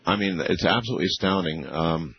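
A man's voice: sits low, quick pace, slightly rough, no echo, lo-fi sound. A man hosting a radio interview, hesitant and amazed, with many fillers. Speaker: radio show host.

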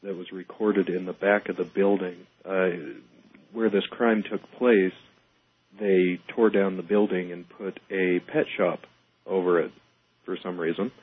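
A man calling into a radio show as a paranormal investigator, explaining matter-of-factly. His voice is lowish and husky. It comes through a tinny phone line. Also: steady tone, a little slow. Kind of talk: phone-in interview.

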